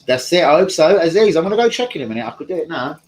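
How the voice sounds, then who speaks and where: A man's voice: on the high side, sing-song, racing, a little mellow, slight background noise, low-quality recording. A man hosting a live stream from home, chatting casually in a rambling, slangy way and talking to his viewers. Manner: rambling, slangy, talks to chat.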